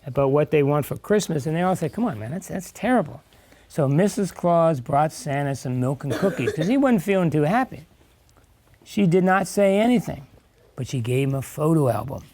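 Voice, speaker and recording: A man's voice: fairly high pitch, expressive, normal speed, darkish tone. An older man reading a picture book aloud to a class of young children, stopping to ask questions and explain along the way. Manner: chatty, stops to ask and explain. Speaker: guest reader in a classroom. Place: elementary school classroom.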